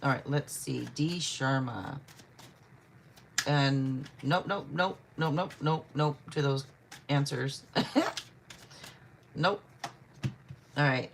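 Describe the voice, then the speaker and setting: She has a bass voice, slow and creaky, pausing often, with a little hiss or hum in the recording. As a tarot reader hosting a livestream, she casually reads viewer questions, greets viewers by name, and apologizes a lot.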